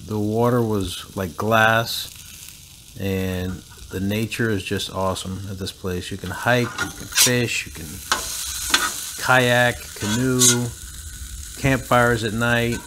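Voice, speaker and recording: Relaxed man narrating a campsite cook. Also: lowish voice, slow pace, noisy background. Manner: relaxed, matter-of-fact, sharing tips. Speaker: cooking vlogger. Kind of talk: voice-over narration.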